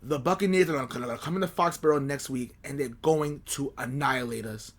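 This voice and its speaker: It's casual fan talk on a sports podcast, where this co-host, a man, grumbles about his team with animated frustration and keeps repeating himself. His voice is medium-pitched, brisk and a bit bright.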